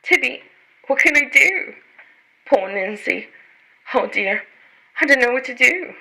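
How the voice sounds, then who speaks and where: Woman doing an anxious young woman, fretful, pleading, raised pitch, bright, slightly gravelly. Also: expressive, unhurried, heavily acted, low-quality recording. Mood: worried.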